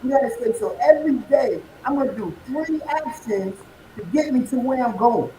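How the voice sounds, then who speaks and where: A man giving a motivational talk as a podcast guest. He fires off rhetorical questions and builds from calm to fiery like a preacher. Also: very high-pitched, normal speed, roomy sound, slight background noise, rough recording. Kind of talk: motivational speech.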